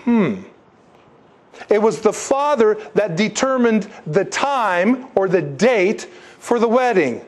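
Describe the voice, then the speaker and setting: A man preaching a sermon, emphatic and animated, posing rhetorical questions to his listeners and slipping into stories. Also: high-pitched, slow. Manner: animated storytelling with asides. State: congested, needing tissues. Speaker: pastor.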